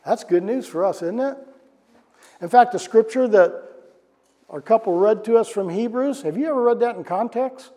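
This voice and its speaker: A man delivers a sermon in an animated way, often asking the congregation questions. His voice sits high but has a dark, mellow tone. The sound rings with the long reverb of a large church hall. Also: moderate pace. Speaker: pastor.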